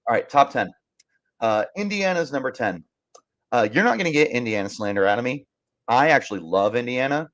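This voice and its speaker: A man's voice: mid-range voice, lively intonation, brisk, fairly bright tone. Exasperated young man ranting sports talk. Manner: exasperated, emphatic, repeats himself for emphasis. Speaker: sports podcast host. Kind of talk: fired-up sports talk, reading live comments.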